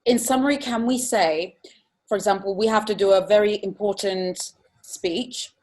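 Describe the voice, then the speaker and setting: A woman's voice: medium pitch, normal speed, darkish tone. A woman who is not a native English speaker hosts a webinar over a video call, friendly as she relays questions from the audience. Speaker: webinar host. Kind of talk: moderating a webinar Q&A.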